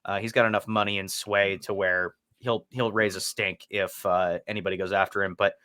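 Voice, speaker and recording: A man co-hosting a casual hockey podcast, talking fast and loose, swearing freely and acting out other people's lines. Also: fairly low pitch, clear, resonant tone. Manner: animated, swears freely, acts out quotes. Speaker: podcast co-host. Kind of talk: casual sports chat.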